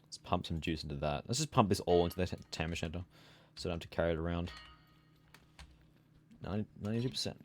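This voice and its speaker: A man's voice: low voice, fast, pauses often, soft background music. A sleepy young man streaming a game, chatting casually and rambling as he trails off into mumbles. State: sleepy, yawning. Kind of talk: casual gameplay chat.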